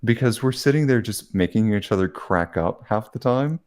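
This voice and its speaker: Podcast co-host, male, low and lively voice, giggly and rambling. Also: normal speed. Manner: giggly and rambling, many fillers. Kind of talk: casual podcast chat.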